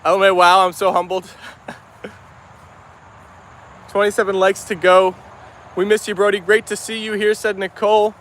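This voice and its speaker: Livestream host: man, high-pitched and cheerful, chatting outdoors while reading viewer comments, with faint outdoor noise behind. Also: little pitch movement, moderate pace, long pauses, a bit bright. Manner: upbeat, chatty, greets viewers by name. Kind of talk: casual livestream chat, reading viewer messages aloud. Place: outdoors in a yard with dogs and chickens.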